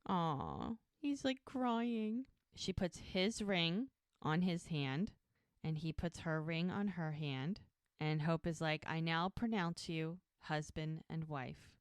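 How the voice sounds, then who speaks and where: A woman co-hosting a podcast casually recaps a TV episode scene by scene, acting out the characters' lines and laughing often. Her voice is deep and slow, with a clean tone and no echo.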